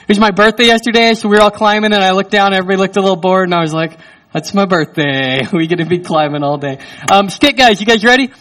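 A man in his thirties preaching in a church hall, telling a personal story in an animated, self-mocking way. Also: high-pitched, fast. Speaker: pastor. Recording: voice distant from the mic.

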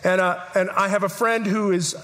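A man's voice: sits high, fairly even intonation, moderate pace, a bit bright. A middle-aged man preaching a sermon as pastor, telling stories earnestly, often restarting and repeating words.

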